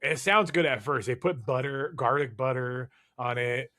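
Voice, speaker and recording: Man, podcast co-host, casual profane rant, bright tone, mid pitch. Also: moderate pace. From California. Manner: profane, emphatic ranting. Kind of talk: casual chat.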